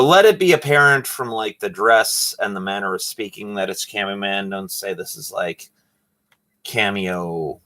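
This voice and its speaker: A man's voice: lowish voice, fairly bright tone. A man chatting casually on a live stream while he draws, rambling with lots of fillers.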